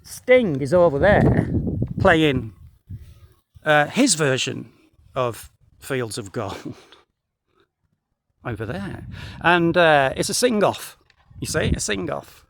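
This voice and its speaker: A man's voice: fairly high pitch, sing-song, slow, gravelly, pauses often, fairly bright tone, slight background noise. A man rambling through a dry, jokey monologue to the camera outdoors in a wheat field, swearing freely. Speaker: vlogger.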